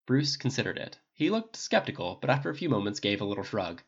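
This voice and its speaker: An audiobook reader narrating fan fiction with a lively, expressive delivery. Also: medium pitch, fast talker, breathy edge, highs cut off.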